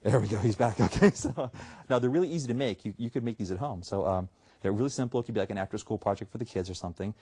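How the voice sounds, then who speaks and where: A man's voice: fairly low pitch, very fast, mellow, breathy edge. A man doing comic stage patter as a magician, playful and chuckling between jokes.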